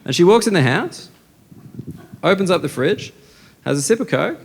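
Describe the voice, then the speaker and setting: An Australian man doing a stand-up set, telling stories in a brash, profane, deadpan way. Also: high voice, creaky, breathy edge. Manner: brash, profane, deadpan storytelling with quick asides. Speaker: stand-up comedian. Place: comedy stage with live audience laughing. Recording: live show with audience noise.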